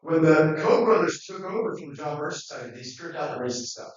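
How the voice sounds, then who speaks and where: A man's voice: fairly high pitch, animated, fairly quick. A man giving a classroom lecture in a rambling, conversational way, with many fillers and restarts. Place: lecture room. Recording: muffled, very echoey, distant.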